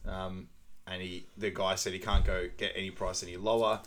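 A man's voice: low voice, level tone, moderate pace, a bit bright, a little hiss or hum. A man co-hosting a podcast, summarising film scenes in easygoing chat with many fillers and frequent laughs. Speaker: podcast co-host. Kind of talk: casual film recap chat.

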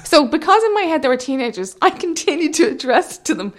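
An Irish woman in casual chat, telling an animated story and acting out voices with big jumps in pitch. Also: quick pace.

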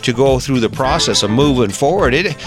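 A middle-aged man giving a casual motivational monologue, emphatic and coaxing, acting out little scenes in a higher voice. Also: lively intonation, a little fast, music in the background. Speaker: motivational talker.

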